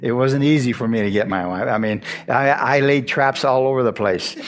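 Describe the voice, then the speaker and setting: A man's voice: mid-range voice, moderate pace. A man in his sixties from Arizona giving a folksy church testimony, chuckling often and restarting his words as he tells the story.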